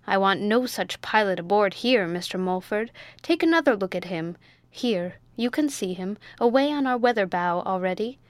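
Lady doing a blustery old-school sea captain yelling at the crew, storybook style. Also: mid-range voice, expressive, normal speed, no room sound, natural voice. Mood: gruff. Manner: barking orders, blustering. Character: gruff bossy male sea captain, middle-aged. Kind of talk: audiobook reading.

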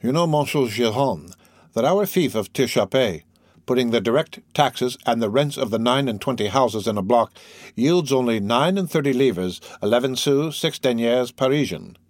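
A man reading an old novel aloud, voicing a severe older male archdeacon who speaks coldly and slowly, like a lecturer. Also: medium pitch, lively intonation, no room sound, studio quality, close to an everyday voice. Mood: stern. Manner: cold, measured, lecturing.

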